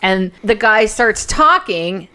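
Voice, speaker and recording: A woman's voice: medium pitch, expressive, slow pace, pushed and bright, clean tone. A woman actor guesting on a podcast, skeptically questioning everything in casual chat.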